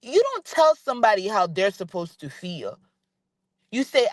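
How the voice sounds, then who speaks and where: A woman's voice: on the high side, wildly swooping pitch, a little slow, no room sound. A woman giving opinionated commentary on a vlog, ranting and speaking straight to the person she criticizes, repeating her points for emphasis. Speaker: reality TV commentator.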